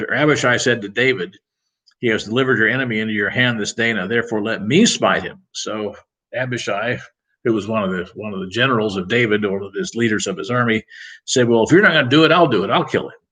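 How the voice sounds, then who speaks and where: Low-voiced man teaching Bible study. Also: a little fast, pushed and bright, poor audio. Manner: reads verses aloud, then paraphrases them casually. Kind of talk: reading scripture and explaining it. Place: church.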